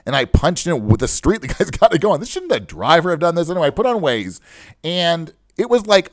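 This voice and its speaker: In a storytelling monologue on his personal finance podcast, a man spins a long, chatty tale packed with rhetorical "right?" asides. His voice sits on the high side, and the studio-quality recording has no room sound.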